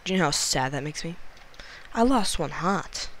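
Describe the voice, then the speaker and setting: A man's voice: fairly high pitch, expressive, normal speed, fairly bright tone, a little hiss or hum. A man hosting a gaming channel, giving playful, jokey let's-play commentary into a desk mic and exclaiming often.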